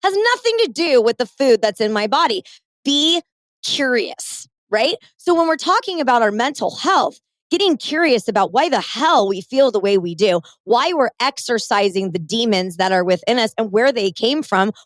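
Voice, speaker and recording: Blunt jokey woman host, higherish voice, dry mic, casual podcast chat. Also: lively intonation, normal speed, no room sound. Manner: joking, blunt, swears casually.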